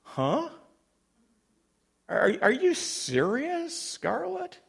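A man voicing an indignant, outspoken professional woman who pushes back forcefully. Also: on the high side, big pitch swings, takes it slowly, gravelly, exaggerated voice. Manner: incredulous, forceful.

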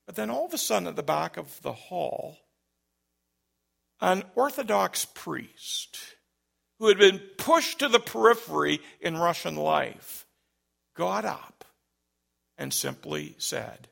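A male pastor giving an Easter sermon, earnest and building to loud calls to the congregation. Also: a little high, very animated, a little slow, vocal fry.

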